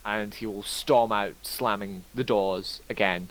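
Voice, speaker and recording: A man narrating as game master in a relaxed way, with frequent ums. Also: fairly low pitch, a little slow, few pauses, rough recording. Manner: relaxed, with many ums and kinda.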